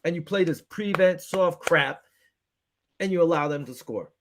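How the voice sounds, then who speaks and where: Male sports show host, slightly high-pitched, animated and exasperated, casual talk. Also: moderate pace, slight background noise. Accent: Western New York. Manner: animated, retells with quoted back-and-forth, frustrated ranting.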